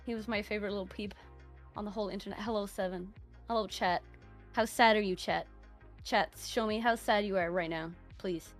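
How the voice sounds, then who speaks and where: An Irish woman joins a stream by voice call from home as a guest speaker, delivering a joking mock eulogy in casual stream chat. She swears a lot and breaks into laughter, her mid-range voice at normal speed with faint music behind her.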